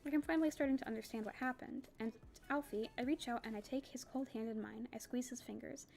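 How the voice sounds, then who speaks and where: A woman with a slightly high voice reads a novel aloud. She keeps her delivery soft, quiet and subdued. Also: quick pace, gravelly, a little hiss or hum. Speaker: audiobook reader.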